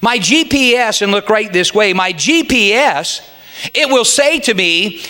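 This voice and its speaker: A middle-aged male pastor with a high, bright, ringing voice delivers a sermon. He mixes folksy humor with earnest teaching. At times he swells into fervent, pleading calls. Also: big pitch swings, normal speed. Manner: folksy preaching with humor, rising to fervent pleas.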